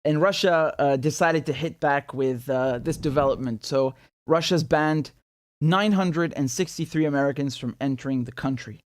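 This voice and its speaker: A man's voice: on the high side, dry recording. Chatty man hosting a livestream, dry sound. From Syria. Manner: chatty, laughs often, many fillers and restarts. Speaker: political commentary host. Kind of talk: casual livestream commentary.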